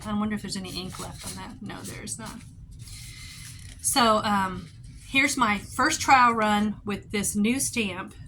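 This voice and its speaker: A woman in her fifties giving a casual show-and-tell craft tutorial at a table at home, chatty and rambling, with sudden bursts of excitement. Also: mid-range voice, noisy background. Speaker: craft vlogger.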